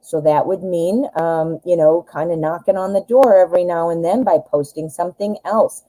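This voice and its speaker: A woman's voice: on the low side, normal speed, warm tone, low-quality recording. A woman giving a casual pick-a-card tarot reading, chatting and advising the viewer directly with frequent fillers. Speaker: tarot reader.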